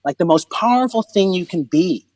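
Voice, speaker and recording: Comedian guest, male, expressive storyteller, high animated voice on a dry close mic. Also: moderate pace, no echo, rough recording. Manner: expressive, laughing often, acts out voices in his stories. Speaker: comedian and motivational speaker, podcast guest.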